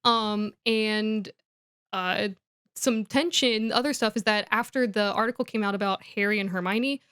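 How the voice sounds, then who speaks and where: A woman's voice: mid-range voice, normal speed, a bit bright, smooth. A young adult woman co-hosting a podcast, chatting casually through a comedic book recap with lots of "like" and restarts. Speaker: podcast co-host.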